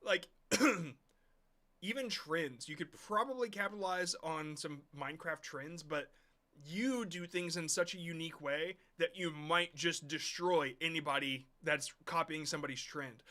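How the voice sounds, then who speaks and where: Brief: male streamer, slightly high and bright tone, blunt and rambling, casual commentary. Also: measured pace. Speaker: host reviewing viewer shorts.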